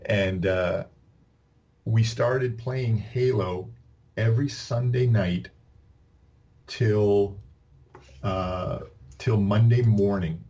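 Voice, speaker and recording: A man's voice: on the low side, extremely slow, pauses often. A Canadian-born man, a podcast guest, telling long casual stories with lots of restarts and quoted dialogue. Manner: rambling, many restarts, animated quoting. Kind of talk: casual storytelling.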